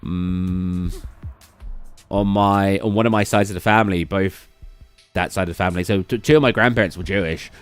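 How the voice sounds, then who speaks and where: A man's voice: sits low, fairly even intonation, normal speed, clean tone, no room sound, soft background music. A young British man chatting casually with viewers on a late-night stream, rambling with lots of fillers and restarts and reading chat aloud.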